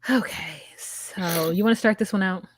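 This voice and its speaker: A woman's voice: medium pitch, moderate pace, breathy edge. A woman co-hosting a casual podcast, talking bluntly and swearing freely. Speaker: podcast co-host. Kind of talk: casual chat.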